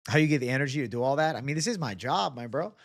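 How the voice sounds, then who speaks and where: A man's voice: mid-range voice, lively intonation, racing, dry recording, clean studio sound. Swearing, chatty man from Boston. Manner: swears a lot, loose and chatty. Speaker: livestream host. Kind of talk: casual live chat.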